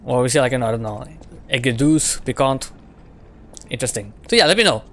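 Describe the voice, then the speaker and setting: A man streams a game and chats with his viewers. His voice sits at an ordinary middle pitch. He rambles, repeats phrases and fills the gaps with filler words. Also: animated, racing, pushed and bright. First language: French. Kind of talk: casual stream chat with viewers.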